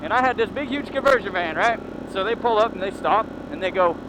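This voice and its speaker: A man's voice: high-pitched, lively intonation, brisk. A man casually telling a rambling story while riding a motorcycle on a forest trail, correcting himself as he goes, recorded on a helmet camera. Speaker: motovlogger. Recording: engine and wind noise. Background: motorcycle engine noise.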